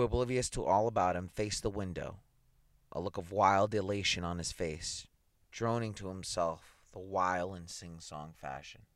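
A man reading a science fiction story aloud in a measured, dramatic way. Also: low voice, dry recording, studio quality. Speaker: reader.

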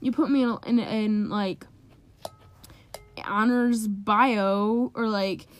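A woman's voice: mid-range voice, steady tone, takes it slowly. A teenage girl co-hosting a casual chat, bubbly and full of "like" and slang. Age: teens. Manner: bubbly, lots of "like", playful slang. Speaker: podcast co-host, daughter.

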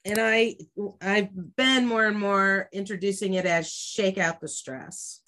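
A woman who runs stress trainings, talking casually and thoughtfully with frequent pauses. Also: mid-range voice, fairly even intonation, fairly bright tone. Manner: thoughtful, hesitant with fillers. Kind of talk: casual conversation.

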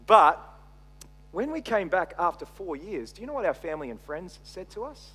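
Middle-aged Australian male pastor, high voice, dynamic sermon delivery, recorded with long hall reverb. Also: fairly quick. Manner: expressive preaching, swinging between loud emphasis and quiet asides.

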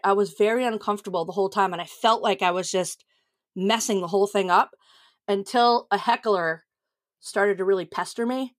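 A woman in her fifties chatting in an interview, telling stories in a frank, animated way. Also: mid-range voice. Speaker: comedian interviewee. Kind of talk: casual interview chat.

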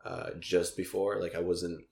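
A young man with a very low voice and a gravelly fry running through his words. He hosts a loose, casual chat, rambling along with plenty of fillers and false starts. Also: a little slow. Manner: relaxed, rambling, frequent fillers and restarts. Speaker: podcast host. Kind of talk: casual conversation.

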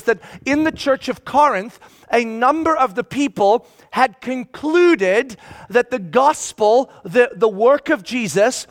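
A man's voice: very high-pitched, fairly bright tone. A man preaching a sermon as he teaches through a scripture passage, with emphatic delivery that repeats key phrases for force.

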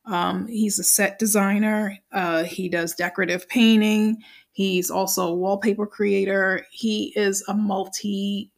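A woman's voice: medium pitch, level tone, unhurried, gravelly. A woman with a New York accent hosting a podcast interview, chatty and enthusiastic with frequent fillers. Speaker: podcast host.

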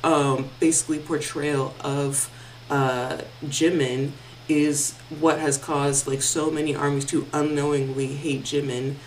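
A young woman with a low voice chats casually as a podcast co-host, rambling with plenty of fillers and slang. She sounds set back from the mic, and faint noise sits under her. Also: flat delivery, unhurried, far from the mic, poor audio. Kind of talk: casual chat.

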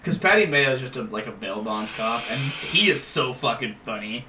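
A man's voice: medium pitch, expressive, moderate pace. A young man in casual, profane chat, laughing often and acting out quotes. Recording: roomy echo, distant mic, faint noise.

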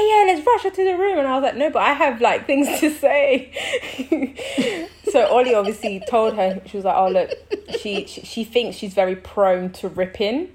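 A young woman, co-hosting a casual chat and telling a story with lively acted-out quotes and frequent laughter. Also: medium pitch. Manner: animated storytelling, acts out quoted people, laughs often. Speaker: podcast co-host.

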